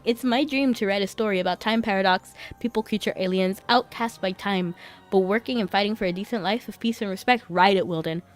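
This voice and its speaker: A woman's voice: mid-range voice, brisk. Giggly young woman chatting while gaming. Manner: chatty, giggles often between remarks. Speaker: game streamer. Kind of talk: casual gameplay chat.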